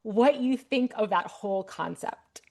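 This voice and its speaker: A woman's voice: medium pitch, unhurried. A middle-aged woman hosting a podcast, candidly telling a long personal story in casual conversation, with frequent restarts. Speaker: podcast host. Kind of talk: casual interview chat.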